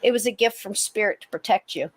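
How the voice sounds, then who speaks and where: A woman hosting a podcast, telling a personal story in a lively way and acting out the dialogue. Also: medium pitch, fast talker, slight background noise. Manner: animated, acts out dialogue with laughs. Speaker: podcast host. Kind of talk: casual storytelling chat.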